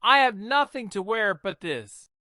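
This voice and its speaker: A man's voice: high-pitched, expressive, unhurried, pushed and bright, dry recording, studio quality, voice pushed up, heavily acted. A man voicing tearful young Cinderella. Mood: despairing. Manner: tearful, plaintive. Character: poor sobbing young girl Cinderella. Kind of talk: storybook reading.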